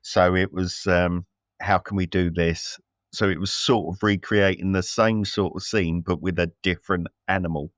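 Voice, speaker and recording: A man's voice: sits low, steady tone, normal speed, dry recording, muffled recording. A man co-hosting a casual film review chat, rambling with many fillers and restarts. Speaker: podcast co-host.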